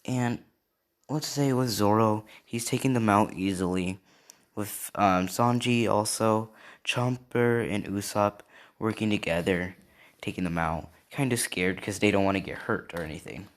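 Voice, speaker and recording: Speaking slowly in a low voice, a man improvises a fan story in an easygoing, rambling way. His relaxed, wandering delivery is packed with fillers and tag questions, especially "and yeah" and "right?".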